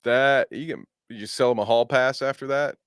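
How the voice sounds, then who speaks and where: A man's voice: medium pitch, moderate pace, smooth, dry recording. A man chatting casually as a podcast co-host, riffing with dry wisecracks. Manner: dry joking riffs and wisecracks.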